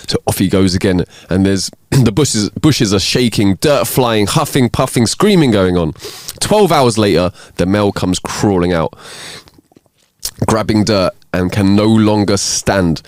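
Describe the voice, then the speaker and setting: A low-pitched man with a very lively, swooping delivery, reading jokes on a casual comedy podcast. He jumps into playful character voices for each line of dialogue. The sound is dry and close, with no room behind him. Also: unhurried, no echo. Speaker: podcast co-host.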